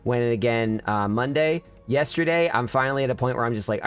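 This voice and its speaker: A man's voice: mid-range voice, fairly quick, clean tone. A man streamer in casual live-stream chat, venting candidly to his viewers with frequent restarts.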